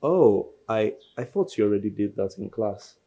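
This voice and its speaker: A man's voice: lowish voice, animated, moderate pace, warm tone. A young man playing a surprised, hesitant teen boy who stumbles over his words.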